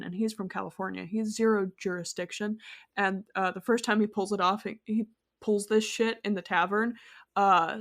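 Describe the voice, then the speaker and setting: A woman's voice: mid-range voice, a bit bright. A woman co-hosting a casual film podcast, rambling and correcting herself with many fillers. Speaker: podcast co-host.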